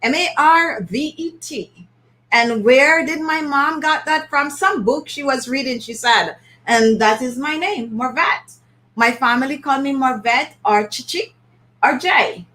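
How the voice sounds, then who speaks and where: A woman in her fifties chats casually with viewers on her beauty channel, answering their comments one by one. Her voice sits high and sounds bright and forward. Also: measured pace. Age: 50s. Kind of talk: casual live-stream chat with viewers.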